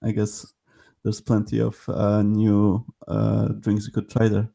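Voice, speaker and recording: A man who is not a native English speaker talks with a gravelly, low voice. His tone is dark and mellow, and he speaks in a hesitant, halting way, restarting his words. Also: completely flat delivery. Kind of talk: casual chat.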